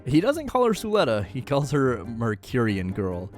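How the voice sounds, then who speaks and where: A man's voice: mid-range voice, huge pitch swings, moderate pace, soft background music. A man casually recapping an anime episode in a joking, rambling way, often laughing.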